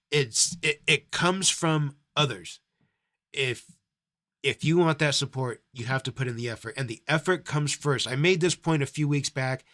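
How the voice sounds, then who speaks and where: A man's voice: mid-range voice, bright, forceful tone. Male stream host, blunt and profane, scolding commentary. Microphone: desk microphone.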